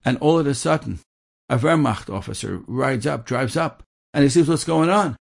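A man's voice: medium pitch, normal speed, creaky. A man telling an inspirational religious story in an earnest way, repeating points for emphasis.

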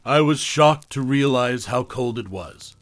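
A man reading a scripted horror story aloud as the host, in a measured, calm storytelling manner. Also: mid-range voice, no room sound.

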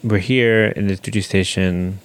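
Young male podcast co-host, very low voice, blunt and self-mocking, swears casually. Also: fairly even intonation, a little slow. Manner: frank, self-deprecating, swears. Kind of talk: candid couple chat.

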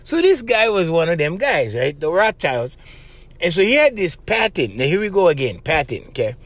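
A man hosting his own podcast in an animated, conspiratorial monologue. He keeps tossing in "bro" and "right?" as he talks. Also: on the high side, moderate pace. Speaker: podcast host. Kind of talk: casual rambling monologue.

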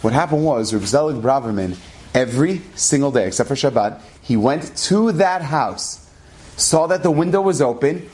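A man telling a story in an animated, quick, lively way. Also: medium pitch. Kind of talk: oral storytelling.

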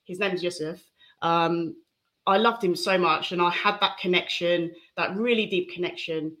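A woman speaking candidly and reflectively as an interview guest, giving a personal testimony with soft laughs. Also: lowish voice, moderate pace.

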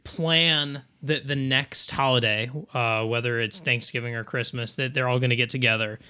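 A man in casual comedic chat, slowly building elaborate joke premises. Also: mid-range voice, steady tone, sharp tone, clear, resonant tone.

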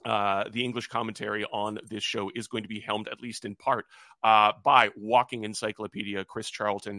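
A man co-hosting a wrestling preview in a measured, articulate voice that often pauses on "uh". His tone is bright and forceful, and the recording is close and dry with almost no room sound. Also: lowish voice, dry recording. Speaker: wrestling podcast co-host. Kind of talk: casual preview chat.

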